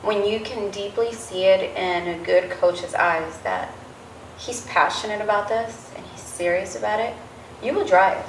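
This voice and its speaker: A woman's voice: mid-range voice, unhurried. A woman hosting a casual interview, encouraging her guest with frequent backchannel replies. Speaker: interview host. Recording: roomy, distant mic, faint noise.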